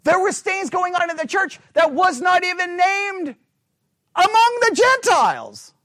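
A man preaching a sermon as a pastor, animated and rhetorical, often tossing in "right?" to the listeners. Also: very high-pitched, measured pace, dry recording.

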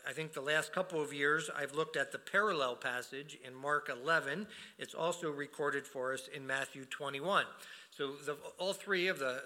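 Bright-voiced man preaching a sermon. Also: mid-range voice. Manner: earnest preaching with frequent fillers and restarts. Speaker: pastor.

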